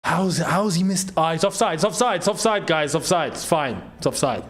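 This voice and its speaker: A young man hosting a live football watchalong, reacting excitedly to play and reading viewer comments aloud with frequent laughs. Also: a little high, a little fast. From Algeria. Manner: excitable, laughs often, reads chat aloud.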